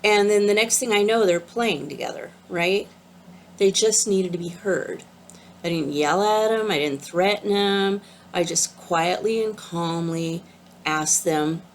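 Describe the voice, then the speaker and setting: A woman spiritual teacher giving an earnest, gentle, casual talk about an oracle card. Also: lowish voice, a little hiss or hum.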